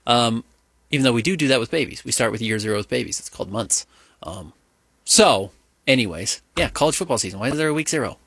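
A man's voice: medium pitch, animated, quick pace, vocal fry, a bit bright, breathy edge, no echo, studio quality. A man co-hosting a casual sports talk show, rambling and wry.

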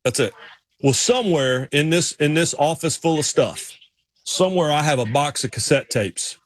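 A man with a Southern US accent from North Carolina, co-hosting a casual sports talk show and telling rambling, animated stories. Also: a little high, moderate pace. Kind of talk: casual radio show banter.

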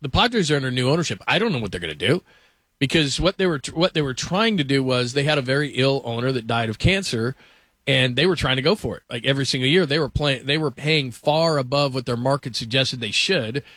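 A man's voice: mid-range voice, expressive, brisk, fairly bright tone, no room sound. A man hosting a sports talk show, chatting casually and quizzing his co-host.

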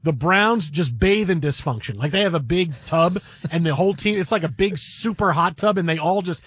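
Male sports radio host, high voice, excitable and quick to restart his sentences, recorded dry and close. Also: husky, no room sound. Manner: animated, excitable, stammering restarts. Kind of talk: casual sports radio chat.

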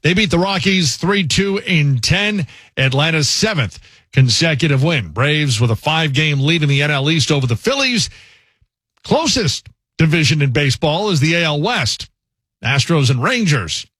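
A man hosting an overnight sports radio show, briskly reading scripted highlights. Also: lively intonation, fairly bright tone, no echo, studio quality. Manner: brisk, smooth newsreader delivery.

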